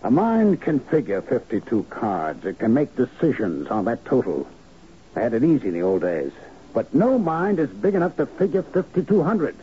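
A man's voice: medium pitch, wildly swooping pitch, moderate pace, slight background noise. A man playing a shrewd, scheming executive aide in a 1970s radio drama, brusque and lecturing, on a dull lo-fi broadcast recording. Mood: curt. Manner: brusque, lecturing, explains in analogies. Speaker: corporate fixer.

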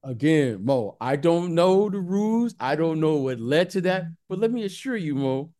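A man in casual sports chat, telling stories with a lively voice and acting out friendly greetings. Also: on the high side, moderate pace. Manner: animated storyteller, repeats the host's name, acts out friendly greetings.

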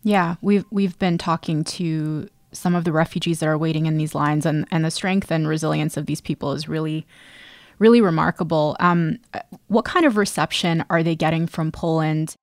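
Low-pitched woman hosting a news podcast. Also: fairly even intonation, normal speed, dry recording, clean studio sound. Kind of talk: scripted news narration and interview.

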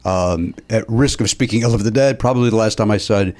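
A man hosting a casual podcast chat, rambling and filling pauses with frequent uhs and ums. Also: fairly low pitch, a little mellow. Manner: rambling, with frequent filler sounds. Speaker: podcast host.

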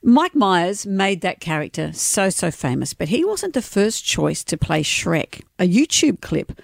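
Aussie lady radio host, lively up and down voice, telling stories, teasing, dry sound. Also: on the low side, measured pace, gravelly, no room sound. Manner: storytelling, teasing. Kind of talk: casual chat.

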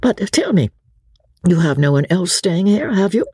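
A woman's voice: lowish voice, big pitch swings, moderate pace, dark tone, breathy edge, no room sound, studio quality, voice pushed up. A woman voicing a jovial young English nobleman who talks in a hearty, exuberant way.

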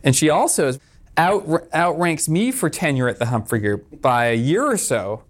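A man's voice: fairly high pitch, sing-song, normal speed. A middle-aged man hosting a podcast interview, easygoing and joking as he chats with his guest. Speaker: podcast host. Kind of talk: conversational interview.

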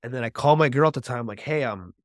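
A man as a podcast guest, telling his personal recovery story with animated storytelling and acting out his own quoted speech. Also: medium pitch, racing, dry recording, studio quality.

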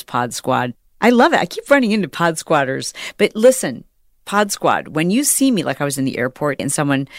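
A middle-aged woman hosting a podcast, telling a story in an animated, chatty way and acting out the people she quotes. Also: sits low, no echo, clean studio sound. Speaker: podcast host. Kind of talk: casual chat.

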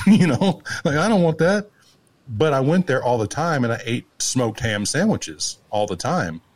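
A man, telling stories as a guest in casual chat, animated and laughing. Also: fairly low pitch. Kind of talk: casual storytelling.

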